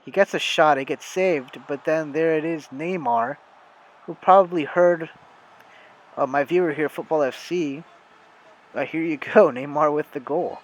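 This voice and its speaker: A man's voice: fairly high pitch, unhurried, low-quality recording. A young American man giving casual, chatty commentary over a football video game, talking to his viewers with lots of fillers and self-corrections. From United States. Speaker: gaming YouTuber.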